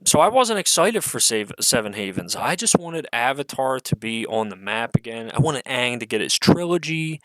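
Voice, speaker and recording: A man's voice: medium pitch, fairly bright tone, no room sound, rough recording. Exasperated man ranting with lots of swearing. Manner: profane, exasperated and sarcastic, with swearing and fillers. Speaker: online commentator. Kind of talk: unscripted solo rant.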